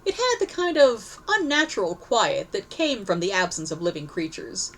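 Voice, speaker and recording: A woman's voice: medium pitch, big pitch swings, normal speed, fairly bright tone, rough recording. A woman narrating a story aloud, reading expressively and correcting herself now and then. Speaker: story reader.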